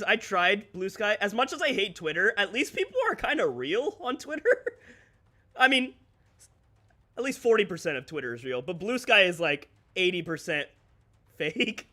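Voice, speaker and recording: A male streamer with a high, bright, sharp-edged voice chats loosely with his live audience. He rants candidly and swears freely, breaking into quick laughs between his points. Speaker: streamer and content creator. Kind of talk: casual livestream chat.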